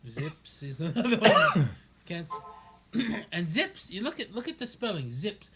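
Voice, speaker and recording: A man's voice: high-pitched, wildly swooping pitch, a little slow, background noise. A man from Hawaii in his thirties, co-hosting a podcast in playful casual chat, laughing a lot. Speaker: podcast co-host.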